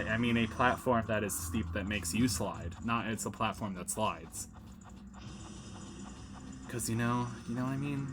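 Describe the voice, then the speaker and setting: A man's voice: medium pitch, noisy background. A man hosting a casual let's play, rambling through gameplay commentary with lots of fillers and self-mocking asides, recorded at home.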